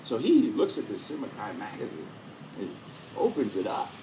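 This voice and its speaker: A man's voice: lowish voice, normal speed, reverberant, noisy background. A middle-aged man giving a speech to an audience, telling a story and acting out the quotes. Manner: storytelling with lively acted-out quotes. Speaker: speaker.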